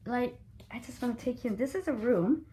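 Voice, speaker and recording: A woman giving a walking vlog tour, talking in a slow, earnest, spiritual way and getting choked up at times. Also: fairly high pitch, lively intonation, dark tone, slight background noise, low-quality recording. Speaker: vlogger touring a site. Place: outdoor art site with walk-through rooms.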